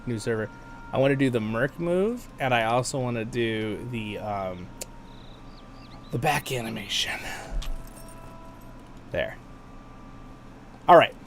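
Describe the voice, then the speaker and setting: A man hosts a game livestream, chatting casually and playfully as he plays and laughing often. His mid-range voice has lively intonation and a slow pace with long pauses, and a little hiss or hum sits under the recording.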